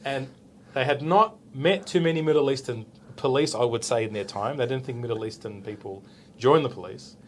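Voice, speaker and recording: A man's voice: medium pitch, moderate pace, slight background noise. Australian man telling a story. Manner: animated, acts out the dialogue, tags with "right?". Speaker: police officer guest. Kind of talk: casual storytelling interview.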